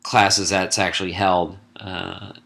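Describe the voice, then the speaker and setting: This middle-aged English instructor has a low, slightly bright voice with little pitch movement and some vocal fry. In a recorded lecture, he casually explains an essay assignment, covering points briskly and adding wry remarks.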